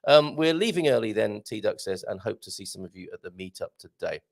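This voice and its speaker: A man from the British Isles hosts a live show from a small studio. He reads out listener messages and wanders off into jokey asides. His gravelly voice rises and falls a lot. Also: lowish voice, lively intonation, fairly quick. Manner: chatty, rambling, jokey asides. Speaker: radio show host.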